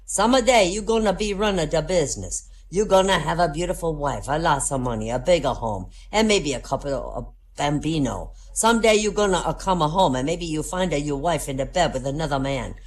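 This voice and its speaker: A woman voicing a dying old Italian mafia grandfather who gives stern, halting orders in accented broken English. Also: deep voice, lively intonation. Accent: Italian-accented broken English (put on). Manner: halting, stern, lecturing with pauses.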